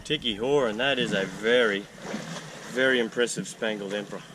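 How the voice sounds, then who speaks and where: Excitable Australian man fishing from a boat. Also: lowish voice, moderate pace. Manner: excitable, exclaiming over each catch. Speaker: fishing vlogger. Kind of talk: excited outdoor fishing commentary. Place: small boat on open water. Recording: wind and boat noise.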